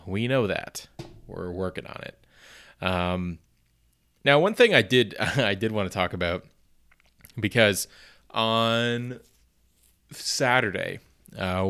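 A man's voice: lowish voice, slow pace, pauses often, pushed and bright, smooth. A man hosting his own podcast alone, chatting casually in a rambling, self-deprecating way with lots of "you know"s and the odd swear word. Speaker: podcast host. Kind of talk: casual solo podcast chat.

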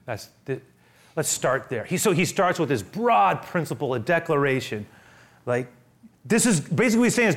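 Man preaching with a pretty high voice, goes quiet and low then gets loud and pushy, keeps saying listen. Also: expressive, normal speed. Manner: swings between hushed low passages and raised emphatic bursts; addresses listeners directly, repeating phrases. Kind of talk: sermon.

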